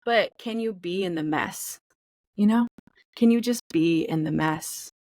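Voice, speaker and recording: A woman's voice: lowish voice, measured pace, a little mellow, dry recording. A woman co-hosting a podcast in casual chat, candid and profane, acting out feelings in quoted voices. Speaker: podcast co-host.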